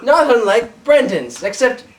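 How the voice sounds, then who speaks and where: Captured from afar on home video with a faint hiss, this medium-pitched voice swings widely in pitch while keeping a measured pace. The speaker is performing a comedic male Victorian naturalist, earnest and rambling, who sometimes slips into a put-on Australian accent for an amateur skit.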